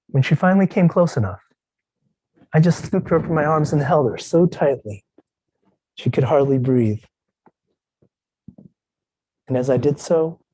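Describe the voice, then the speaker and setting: A man giving a dramatic storytelling speech at a contest, expressive, with drawn-out pauses and hushed tender passages. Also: medium pitch, breathy edge, poor audio. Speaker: contest speaker.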